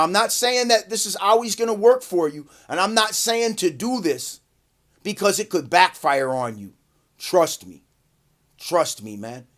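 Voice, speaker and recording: Man, high voice, casual storytelling, profane, animated. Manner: animated, profane, acts out quotes loudly. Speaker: vlogger.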